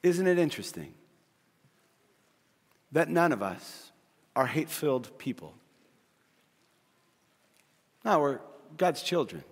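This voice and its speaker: A middle-aged male pastor with a high, light voice preaches in a big church hall, and his words ring out with a long reverb. He tells stories quickly and vividly, then sinks into soft, earnest appeals. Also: breathy edge. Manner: storytelling, shifting from quick excited retelling to quiet earnest pleading. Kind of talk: sermon.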